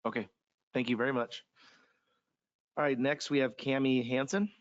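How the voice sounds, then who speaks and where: A man's voice: medium pitch, fairly even intonation, moderate pace. A man chairing a public meeting, brief and polite as he calls up speakers. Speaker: commission chairman. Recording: dull lo-fi meeting audio.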